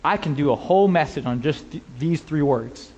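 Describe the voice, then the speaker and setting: A man's voice: fairly high pitch, lively intonation, moderate pace, a little mellow, lo-fi sound. A male pastor preaching a passionate sermon and speaking directly to his congregation. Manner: impassioned, addresses the congregation directly. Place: church sanctuary. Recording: long reverb of a large hall.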